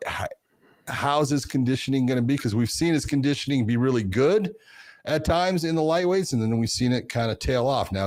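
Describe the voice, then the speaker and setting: A man co-hosting a fight podcast, breaking down matchups in a measured, explanatory way and often repeating words as he starts a point. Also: on the low side, darkish tone, no echo, studio quality. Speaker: podcast co-host, fight analyst. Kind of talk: casual analysis chat.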